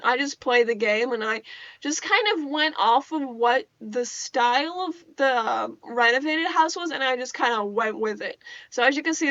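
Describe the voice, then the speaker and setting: A woman's voice: high voice, fairly bright tone, no echo, muffled recording. A young woman rambling casually over a video game, often restarting her sentences, laughing and swearing as she talks. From Netherlands. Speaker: gaming YouTuber.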